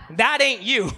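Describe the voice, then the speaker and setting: Male pastor, high pitch, bright tone, animated sermon storytelling, loud and hushed turns. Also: husky.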